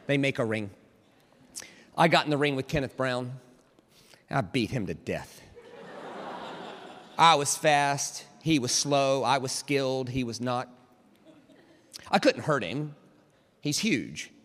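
An animated male preacher tells stories from the pulpit, his voice bright and cutting. His pitch leaps widely as he dramatizes, building to near shouts. The sound echoes around a large hall. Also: normal speed, pauses often. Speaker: pastor. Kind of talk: storytelling sermon.

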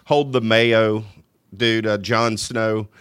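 A man's voice: lowish voice, little pitch movement, takes it slowly, fairly bright tone, clear, resonant tone, no room sound, clean studio sound. A man with a Louisiana accent co-hosting a live podcast, chatting loosely and often restarting sentences. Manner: rambling, restarts and chuckles. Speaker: podcast co-host. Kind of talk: live casual podcast chat.

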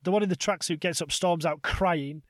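Animated man telling stories. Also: fairly high pitch, moderate pace, no room sound, studio quality. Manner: animated storyteller, swears freely. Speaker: podcast co-host. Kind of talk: casual comedic chat.

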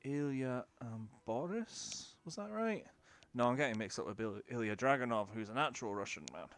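A man's voice: medium pitch, lively intonation, normal speed, a bit bright. A young man giving casual gameplay commentary, chatty and rambling, often breaking off into baby talk. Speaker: gaming video creator.

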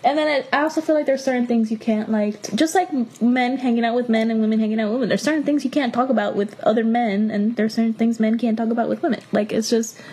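A woman's voice: a little high, quick pace, few pauses, husky. Blunt, profane young woman storyteller. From Miami. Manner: blunt, profane storytelling with animated quoted voices. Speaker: podcast co-host. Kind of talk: casual chat.

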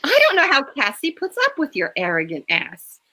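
Bossy, sassy pregnant woman with a Boston accent, high and bright, put on by a female reader. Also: wildly swooping pitch, normal speed, heavily acted. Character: sharp-tongued pregnant woman, office manager.

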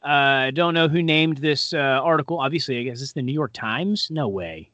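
Bright-voiced rambling podcast man. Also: medium pitch, moderate pace, dry recording. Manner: rambling, self-deprecating, many fillers. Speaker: podcast co-host. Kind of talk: casual podcast chat.

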